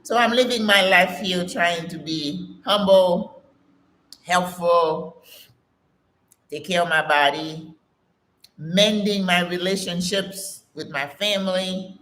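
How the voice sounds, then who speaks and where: A woman's voice: lowish voice, slow, long pauses, fairly bright tone, echoey room. A woman in her sixties hosting her own channel, giving an emphatic, preachy motivational talk and calling her listeners sis. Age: 60s. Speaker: channel host. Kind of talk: casual motivational talk to camera.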